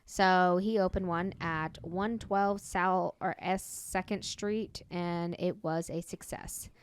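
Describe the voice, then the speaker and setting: A woman's voice: fairly low pitch, steady tone, slow pace, smooth. A woman co-hosting a podcast, casually telling a story with lots of fillers and self-corrections. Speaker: podcast co-host.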